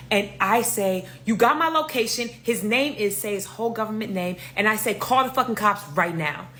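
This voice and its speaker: A young woman with a New York accent, from the city itself, spins an animated, easygoing story full of swearing and impressions of the other voices. Her pitch is medium, and faint background noise can be heard.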